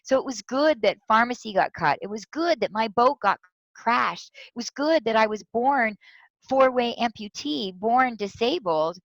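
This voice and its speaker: A woman speaker, a guest in an interview, telling a personal story with lively quoted voices. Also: on the high side, unhurried, dry recording. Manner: animated, tells stories with quoted voices. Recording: dull lo-fi sound.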